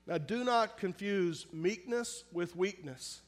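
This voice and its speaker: A man preaching a sermon in earnest, pressing hard on some phrases and drawing others out softly and slowly, often asking his listeners direct questions. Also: a little high. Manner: earnest preaching, shifts between loud emphasis and soft, slow, drawn-out phrases. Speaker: pastor.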